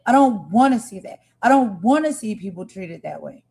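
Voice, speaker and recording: A woman's voice: mid-range voice, expressive, normal speed, gravelly, dark tone, breathy edge, poor audio. Impassioned woman hosting a live stream. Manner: emphatic, repetitive, talks straight to viewers.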